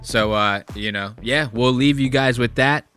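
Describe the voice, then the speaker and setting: A man's voice: mid-range voice, measured pace, a bit bright, faint music behind. A man hosting a podcast in loose, profane casual chat, rambling and laughing as he signs off. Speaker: podcast host.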